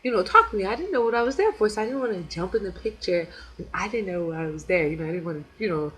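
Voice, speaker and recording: A woman's voice: mid-range voice, quick pace, husky, low-quality recording. Chatty young woman telling a story. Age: 20s. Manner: chatty and excitable, heavy use of "like" and "you know". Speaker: vlogger. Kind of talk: casual storytelling to camera. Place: her home, indoors.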